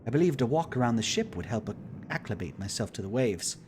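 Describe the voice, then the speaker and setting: A man voicing a reserved, proper woman scientist who speaks in a formal, measured way. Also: medium pitch, big pitch swings, background noise, lightly acted.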